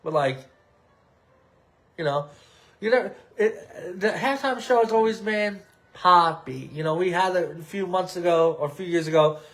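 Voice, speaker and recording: A man's voice: high-pitched, normal speed, fairly bright tone. A man in his thirties hosting a podcast from his apartment, ranting in a heated, rambling way with lots of swearing and restarts. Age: 30s. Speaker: podcast host. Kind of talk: casual opinion rant.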